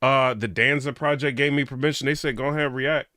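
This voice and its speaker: A man's voice: mid-range voice, steady tone, fast talker, bright, forceful tone, dry recording, studio quality. A man hosting a late-night casual reaction stream, chatting loosely, reading viewer comments aloud and laughing often.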